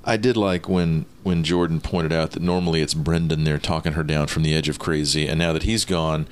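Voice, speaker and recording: A man's voice: extremely low pitch, steady tone, brisk, smooth. A man co-hosting a casual chat and cutting in with wry, sarcastic asides. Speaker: podcast co-host. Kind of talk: casual chat recapping a reality show.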